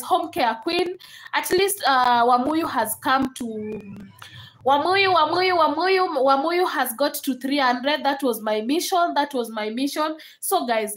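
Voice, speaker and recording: A young Kenyan livestreamer with a high voice chats loosely with her viewers, breaking into laughter and alternating between English and Swahili. The recording is rough, carrying a slight hiss or hum.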